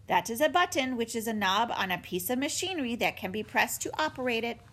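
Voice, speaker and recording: A woman playing a gentle robot mom who talks in neat formal sentences, a bit raised in pitch, lively, breathy voice. she stays even and polite the whole time. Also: fairly quick. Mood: calm. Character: gentle calm female robot mother.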